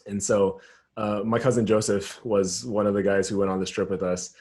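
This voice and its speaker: A man's voice: on the low side, level tone, moderate pace, a little mellow. A young adult man, a youth pastor, telling a story in a casual round-table chat, acting out the dialogue and laughing often.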